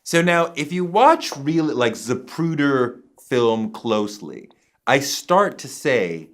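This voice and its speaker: A male interview guest recounting a story with lots of rise and fall in his voice. He is emphatic, swears casually and slips into other people's voices as he quotes them. His pitch sits in a middle range for a man. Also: big pitch swings, takes it slowly, a bit bright.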